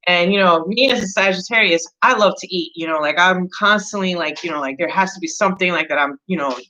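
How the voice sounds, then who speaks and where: A woman's voice: fairly low pitch, fast, bright, forceful tone, rough recording. A woman hosting an astrology channel, chatting casually and rambling with lots of fillers as she tells a story. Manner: rambling, many fillers, gets heated retelling a story.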